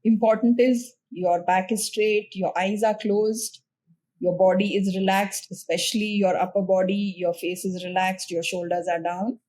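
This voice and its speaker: A woman with an Indian English accent talks as a guest on a podcast, calm and patient. Her voice is slightly husky and sits at a middle pitch. She slows down gently whenever she gives step-by-step instructions. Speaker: spiritual teacher, podcast guest. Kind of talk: calm explanatory conversation.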